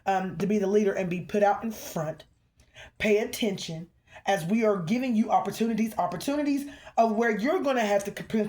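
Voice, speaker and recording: A woman's voice: mid-range voice, darkish tone. A woman giving a collective spiritual reading, talking to the viewer and calling on the ancestors, with a habit of checking in with "okay?". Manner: emphatic, repeatedly checks in with "okay?"; calls out to the ancestors mid-reading. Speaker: spiritual reader.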